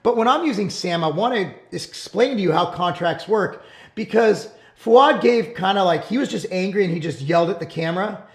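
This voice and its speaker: A man's voice: high-pitched, animated, moderate pace. Brash man talking in an echoey room. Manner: brash, rambling and self-promoting, with frequent restarts. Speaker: fitness company owner and channel host. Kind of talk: casual commentary to camera.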